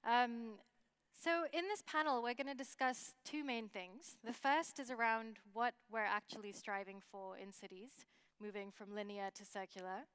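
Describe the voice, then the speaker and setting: A woman moderating a conference panel, her voice very smooth and clear with a slightly high pitch. The sound is dry and close, and she frames the discussion in a brisk, organized way. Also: fairly even intonation, a bit bright, no room sound. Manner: brisk, organized framing of questions.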